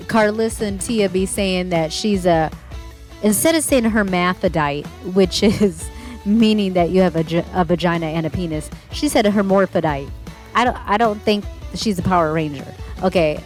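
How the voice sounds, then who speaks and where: A woman's voice: medium pitch, moderate pace, soft background music. A woman giving a casual, rambling commentary as she reviews a show, full of hedging asides.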